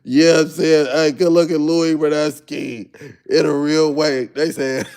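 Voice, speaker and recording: A young man with hosts a casual livestream, his voice sitting a little high for a man. He chats loosely in slang and keeps breaking off to greet viewers by name. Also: little pitch movement, unhurried, a little mellow, smooth. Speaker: livestream host.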